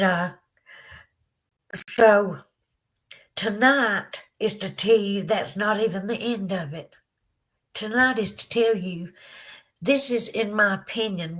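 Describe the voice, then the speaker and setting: A middle-aged woman with a Southern American drawl speaks at a medium pitch. She talks candidly and emotionally, holding back tears. She rambles through fillers while she reads out live comments from viewers. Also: fairly bright tone. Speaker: podcast host. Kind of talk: live-stream storytelling, reading viewer comments.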